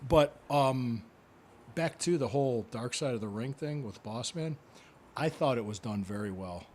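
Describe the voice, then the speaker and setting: Animated man telling a story. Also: mid-range voice, moderate pace, slight background noise. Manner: animated, laughing, repeats himself. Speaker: podcast host, former wrestler. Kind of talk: casual storytelling chat.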